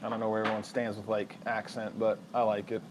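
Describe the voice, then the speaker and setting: Cooking in his home kitchen, a young family vlogger talks casually and easily to his viewers. His voice is fairly low and quick, with background noise in the recording.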